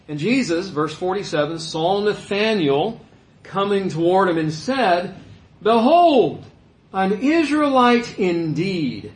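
A man with a fairly high voice teaches through a passage of scripture, breaking off into relaxed explanations with "uh" and "you know." His voice carries in an echoey room. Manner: conversational, explains asides with fillers. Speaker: pastor. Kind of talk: expository Bible teaching.

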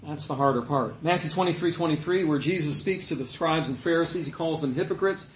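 A man's voice: fairly high pitch, a little fast, roomy sound, slight background noise, low-quality recording. A male pastor preaching a sermon in a conversational way, rising to emphatic peaks.

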